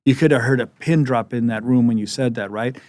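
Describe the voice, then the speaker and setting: A man hosting an interview show, telling stories in an animated, halting way. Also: medium pitch, no echo. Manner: animated storyteller, many restarts. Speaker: podcast host. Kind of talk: conversational interview.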